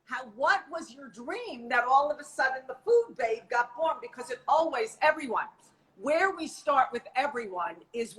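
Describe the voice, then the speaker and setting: Woman coach, high voice, animated and emphatic, live-stream chat. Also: unhurried, low-quality recording. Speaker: life coach. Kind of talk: casual conversation on a live stream.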